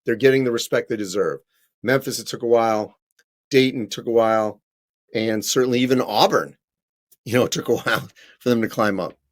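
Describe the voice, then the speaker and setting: A man covering college basketball fields viewers' questions during a live stream, talking conversationally with plenty of ums and quick corrections. He speaks at a medium pitch.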